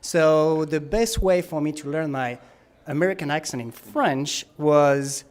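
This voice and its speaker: Male actor, relaxed chatty interview answers, slightly raised pitch. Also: measured pace. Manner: relaxed, chatty, with many "like" fillers.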